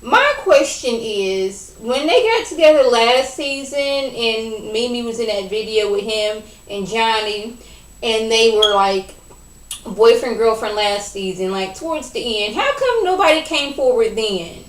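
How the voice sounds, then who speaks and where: A woman casually recapping a reality TV episode, animated and chatty, acting out what the cast said. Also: on the high side, a little slow. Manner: animated, chatty, acts out quotes. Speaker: TV recap vlogger. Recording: roomy echo, mic at a distance.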